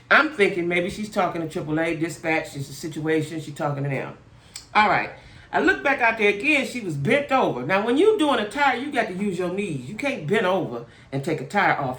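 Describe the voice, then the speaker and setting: A woman host casually telling her viewers a long, exasperated story in a chatty, animated way. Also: fairly low pitch. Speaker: channel host. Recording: echoey room.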